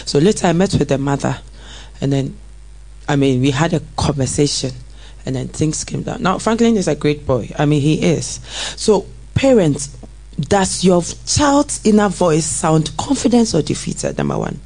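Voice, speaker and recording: A preschool educator, telling a classroom story to parents in an earnest, animated way. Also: mid-range voice, moderate pace, poor audio. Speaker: preschool educator and guest speaker.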